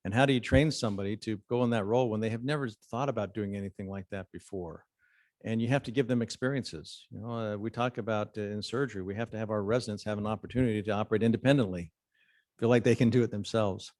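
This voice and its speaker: A man's voice: on the low side, fairly even intonation, fast, a little mellow, dry recording. A man, a surgeon, answering audience questions in a thoughtful, explanatory way with occasional restarts. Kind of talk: lecture Q&A answer.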